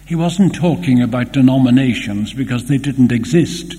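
An older man preaching a sermon in a church, earnest and slow, with fond asides. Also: medium pitch, dark tone. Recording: long hall reverb, faint hum.

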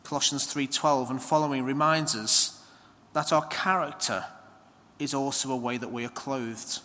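A man giving a slow, measured homily with reflective pauses in a church. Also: mid-range voice, steady tone, bright, forceful tone. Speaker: preacher. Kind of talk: sermon. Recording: long church reverb.

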